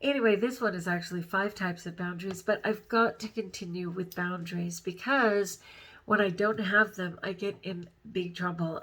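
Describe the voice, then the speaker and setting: A woman's voice: lowish voice, fairly even intonation, moderate pace, fairly bright tone. Giggly, rambling woman vlogger. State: overtired and upset. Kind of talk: casual personal vlog.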